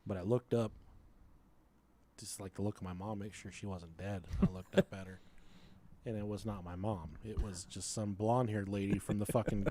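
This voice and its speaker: A man's voice: lowish voice, fairly even intonation, moderate pace, dark tone. Crude, profane man telling a story. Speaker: podcast co-host. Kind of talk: casual chat.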